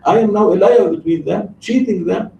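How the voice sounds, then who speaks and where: A man's voice: high voice, a little slow, creaky, warm tone, highs cut off. A man voicing an angry prophet in a sermon story, scolding with a raised, heated voice. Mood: complaining. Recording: roomy, distant mic, faint background noise.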